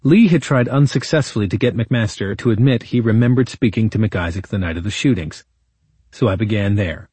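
Low, husky man narrating true crime. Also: dark tone, no echo. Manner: measured and indignant storytelling. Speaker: attorney narrating his own case. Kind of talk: first-person true-crime audiobook narration.

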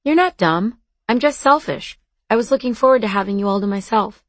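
Audiobook read: woman voicing a soft-spoken, hesitant teenage boy, tender, dry close recording. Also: on the high side, fairly quick, dry recording, natural voice. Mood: gentle, shy. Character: shy, gentle teenage boy on the phone.

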